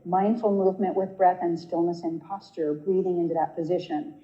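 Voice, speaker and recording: A woman's voice: lowish voice, steady tone, a little fast. A woman yoga teacher talking emphatically in a conversation and often breaking into laughter. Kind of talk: conversational interview talk. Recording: muffled lo-fi sound.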